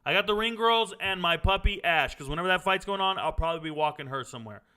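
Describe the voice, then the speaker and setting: Man, middle-aged, bright tone, slightly high pitch, blunt, opinionated, casual chat. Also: animated, fast, clear, resonant tone. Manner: blunt, opinionated, drifts into stories. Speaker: sports commentary host answering viewer questions.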